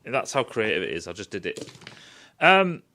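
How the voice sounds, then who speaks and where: A man's voice: fairly low pitch, big pitch swings, normal speed, sharp tone, a little hiss or hum. A man ranting in a casual, sweary, sarcastic review. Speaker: film and TV reviewer.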